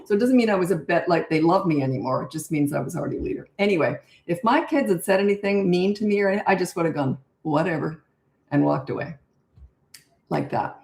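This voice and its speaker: Older lady coaching parents live, blunt and chatty, lowish voice, roomy echo. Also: lively intonation, rapid-fire, few pauses, a little mellow. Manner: chatty and blunt, laughs at her own stories. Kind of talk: live Q&A, reading viewer questions. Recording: echoey room.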